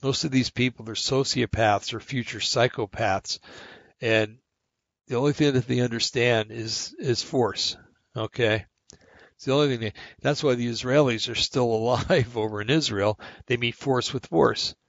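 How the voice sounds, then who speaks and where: A man's voice: medium pitch, normal speed, fairly bright tone, no room sound, dull audio. An older man hosting a podcast, giving a blunt, rambling, opinionated monologue that restarts often. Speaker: podcast host.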